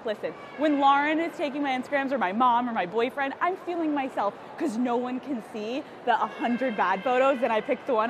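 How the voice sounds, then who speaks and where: A woman's voice: high voice, fairly quick, few pauses, noisy background. A woman podcast host vlogging outdoors on city streets, bubbly, laughing often and swearing freely. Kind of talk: travel vlog, talking to camera.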